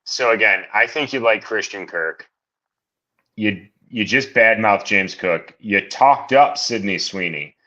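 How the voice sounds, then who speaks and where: A man's voice: lowish voice, dull audio. A man co-hosting a podcast, chatting casually about football in a laid-back way. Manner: slow, laid-back, monotone at times. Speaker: podcast co-host. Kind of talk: casual sports chat.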